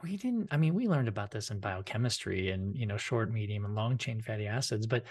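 A man's voice: fairly low pitch, expressive, brisk. A man co-hosting a podcast, upbeat and joking in casual chat. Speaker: podcast co-host.

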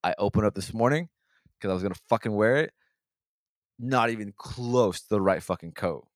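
Low-voiced guy ranting and rambling, swears a lot, dry close sound. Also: moderate pace, no room sound. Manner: profane, rambling storytelling. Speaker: podcast host. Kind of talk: casual chat.

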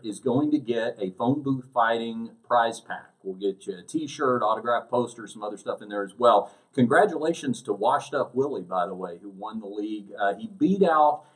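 A man's voice: medium pitch, poor audio. A man hosting a podcast, chatting casually and running through show announcements. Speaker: podcast host.

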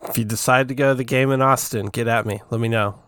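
A young man chiming in on a casual sports podcast with a smooth, clear voice at an ordinary pitch. He keeps things laid-back and tosses in jokes as he goes. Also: fairly even intonation, quick pace, fairly bright tone. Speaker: podcast producer and co-host.

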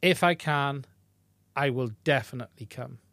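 A man's voice: mid-range voice, normal speed, a bit bright, no room sound. A man hosting a casual live-stream podcast, chatting in a rambling way with lots of fillers and restarts. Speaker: podcast host. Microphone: podcast mic into a mixing console.

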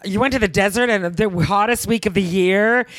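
A woman co-hosting a casual podcast chat, animated and laughing often, swearing casually. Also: medium pitch, fairly quick, no echo. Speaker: podcast co-host. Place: California home.

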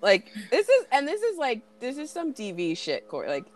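A woman co-hosting a podcast in casual chat, animated and quick to act out movie lines with a laugh. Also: high-pitched. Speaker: podcast co-host.

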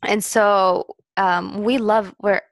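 A young woman chats casually, going off on animated tangents. Her storytelling rambles with lively restarts. Her voice is recorded close and dry. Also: mid-range voice, slow pace, dry recording. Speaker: podcast co-host. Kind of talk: casual chat.

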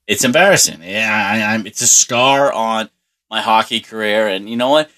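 A low-pitched man with a forceful, tense edge to his voice tells a rambling personal story. He swears nearly every sentence and leans on casual fillers as he goes. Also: normal speed.

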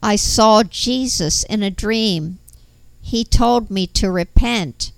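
A woman voicing a remorseful former male spy who pleads for forgiveness, speaking slowly and earnestly. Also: medium pitch, vocal fry, smooth, no echo, rough recording. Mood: pleading.

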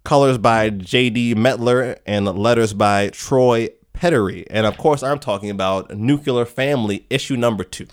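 A young man hosting a casual chat, recapping a story in an animated way and acting out characters' lines with laughter and swearing. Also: mid-range voice, moderate pace, hardly any pauses. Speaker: podcast host reviewing comics.

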